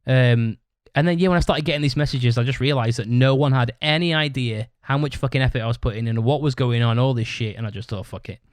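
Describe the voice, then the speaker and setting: A man's voice: medium pitch, fast, hardly any pauses, no room sound. A man hosting his own podcast, telling a long story in a blunt, rambling way with a lot of swearing. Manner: blunt, heavily profane, rambling with restarts. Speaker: podcast host. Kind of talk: casual storytelling monologue.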